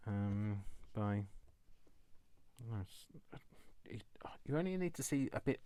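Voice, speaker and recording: Low-voiced man scolding himself while crafting. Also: expressive, takes it slowly, pauses often, mellow, clear, resonant tone. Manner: chats to himself, scolds himself by name; jokey, self-mocking, chuckles. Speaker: crafting channel host. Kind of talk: casual crafting vlog talk.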